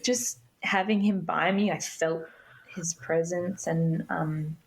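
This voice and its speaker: A young woman telling a personal story as a podcast guest, unhurried and reflective. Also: on the low side, steady tone, gravelly, rough recording. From Australia.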